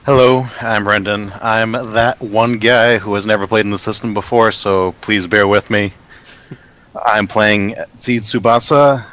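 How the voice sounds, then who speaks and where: A man's voice: on the low side, steady tone, unhurried, a bit bright. A man introducing himself as a new player in a modest, plain way. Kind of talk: casual self-introduction.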